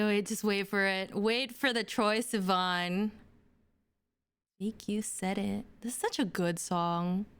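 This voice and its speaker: A young adult woman livestreams, chatting casually with her viewers and gushing in a bubbly, filler-heavy way. Her voice is mid-range, smooth, and fairly bright.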